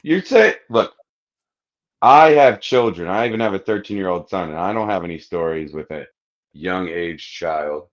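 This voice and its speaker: Lively man, lo-fi sound. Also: low voice, moderate pace. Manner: lively, profane anecdotes. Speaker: podcast co-host. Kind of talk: casual chat.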